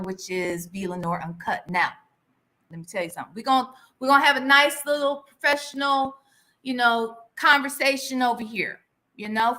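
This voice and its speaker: A woman's voice: a little high, sharp tone. A woman hosting a casual livestream, chatting and greeting viewers by name, often ending lines with "all right?" and sometimes dropping to a whisper for asides. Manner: drops into a whisper for gossip asides. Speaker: livestream host.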